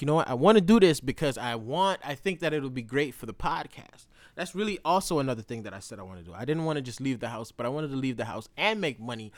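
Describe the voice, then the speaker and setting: A man hosting a podcast, telling a story in a loose, slangy way with plenty of swearing. He swings between loud bursts and low mumbles. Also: dry recording. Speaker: podcast host. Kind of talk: casual storytelling monologue.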